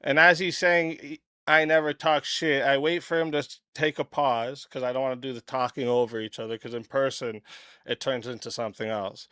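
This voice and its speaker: Smooth-voiced man telling a blunt story. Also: mid-range voice, steady tone, fairly quick, pushed and bright, no echo, studio quality. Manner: blunt, profane, clears throat often. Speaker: channel host. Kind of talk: casual storytelling.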